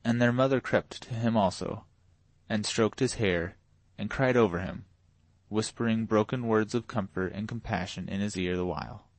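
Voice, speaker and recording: A male audiobook narrator with a low voice, telling a classic story in a steady, measured way. The recording is dry and close, with no room echo. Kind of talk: scripted narration.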